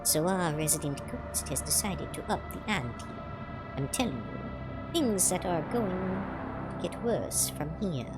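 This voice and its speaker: A playful female psyker who needles an old colleague about ghost stories, as a woman voices her. The pitch drops well below her usual talk and moves freely, with game music underneath. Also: expressive, measured pace. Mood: teasing. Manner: playful, teasing.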